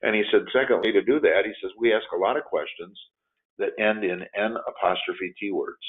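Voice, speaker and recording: A man's voice: lowish voice, normal speed. A man in his fifties giving a training lecture, telling stories and acting out the quotes in them. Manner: animated storytelling, acts out angry quotes. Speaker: de-escalation trainer. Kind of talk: training lecture with role-play examples. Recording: phone-like narrow audio.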